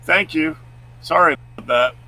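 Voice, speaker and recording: A man co-hosting a live stream, chatting casually and reading out news stories in a loud, booming voice. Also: normal speed, creaky, rough recording. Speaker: co-host.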